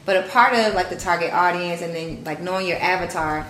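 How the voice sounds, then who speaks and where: A woman's voice: lowish voice, brisk, a bit bright, reverberant, a little hiss or hum, low-quality recording. A woman hosting a podcast interview, chatting casually and encouraging her guest. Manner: encouraging, many short affirmations. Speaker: podcast host.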